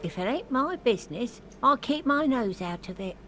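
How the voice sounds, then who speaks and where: A woman's voice: a little high, animated, normal speed, a bit bright, a little hiss or hum. An actress voicing a guarded, grumbling townswoman in a video game, who talks in curt mutters.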